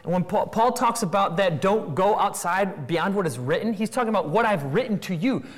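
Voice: medium pitch, fairly quick. A preacher giving an expository sermon, firing off rhetorical questions and acting out quoted voices. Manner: animated, acts out quoted voices.

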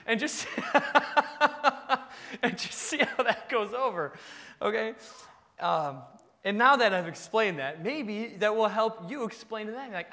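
A man preaching a sermon as pastor, swinging between loud bursts and quiet asides. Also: extremely high pitch, very animated, unhurried. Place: church sanctuary. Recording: long reverb of a large hall.

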